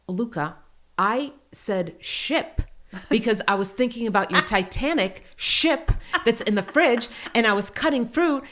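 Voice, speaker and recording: A middle-aged woman hosting a podcast, telling a personal story in casual chat and acting out the quotes with lively energy. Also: on the high side. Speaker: podcast host.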